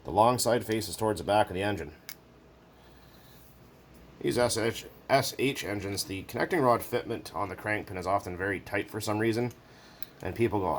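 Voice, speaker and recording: A man's voice: lowish voice, moderate pace, long pauses, slight background noise. A man chatting casually and jokingly while working at his bench, rambling and swearing now and then. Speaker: hobbyist video maker. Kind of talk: casual workshop chat.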